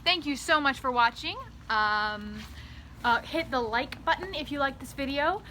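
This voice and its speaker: A woman vlogging in a comedic monologue, rambling and tripping over repeated words, swinging between loud bursts and hushed asides. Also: sits high, animated, a little slow, slight background noise. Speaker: author vlogger.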